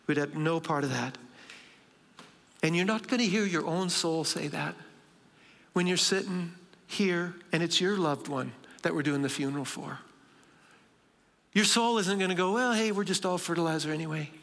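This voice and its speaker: A man preaching a sermon in a church, moving between soft, slow lines and emphatic bursts. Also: on the high side, creaky. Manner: dramatic pauses, shifting between soft and emphatic. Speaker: pastor. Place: large church sanctuary. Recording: long hall reverb.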